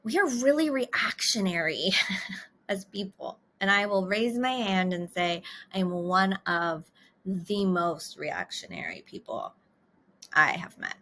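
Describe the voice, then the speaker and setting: A woman's voice: medium pitch, lively intonation, slow pace, fairly bright tone. A middle-aged woman couples therapist talking casually and candidly to the camera, laughing between phrases.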